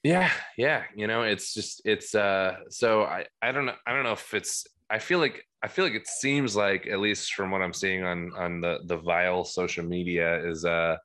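A man in his thirties with a New Jersey accent, a podcast guest talking loudly in a rambling way with many restarts. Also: low voice, normal speed, few pauses. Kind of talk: casual podcast chat.

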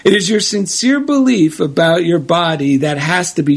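A man co-hosting an online radio talk show, telling stories in an upbeat, expressive way. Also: fairly high pitch, moderate pace, vocal fry, husky. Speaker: radio co-host. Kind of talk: casual radio chat.

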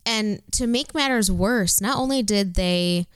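Woman cohost on a chill talk show, smooth clear voice, blunt and sweary, dry close mic. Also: mid-range voice, a little slow, no echo. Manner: relaxed, blunt, swears casually. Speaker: podcast co-host. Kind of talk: casual chat.

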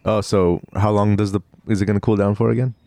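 A man with a fairly low voice plays a tabletop game, speaking in a relaxed, hesitant way. The sound is dry and close. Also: quick pace, gravelly, no room sound. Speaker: player. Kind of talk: casual tabletop play.

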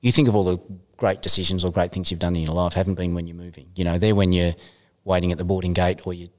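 A man's voice: low voice, fairly even intonation, quick pace. A man hosting a casual podcast interview, talking in a chatty, enthusiastic way with the odd casual swear. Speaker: podcast host. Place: gym.

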